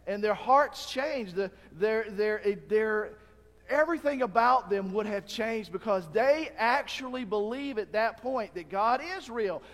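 A man preaches with an animated, storytelling delivery, now and then acting out a crowd's shouts. His voice sits a little high, and it rings in a church hall with a long reverb. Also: measured pace. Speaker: pastor. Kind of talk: sermon.

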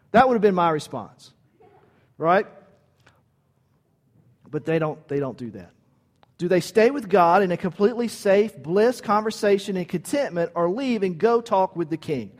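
High-voiced preacher in an echoing hall. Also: male voice, animated, moderate pace, pauses often. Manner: emphatic, conversational, asks "right?". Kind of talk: sermon.

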